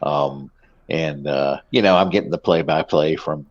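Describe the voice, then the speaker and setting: Low, laid-back man with muffled sound. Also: a little slow. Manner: laid-back, hesitant with many fillers. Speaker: podcast co-host. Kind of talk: casual sports chat. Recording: slightly dull, muffled sound.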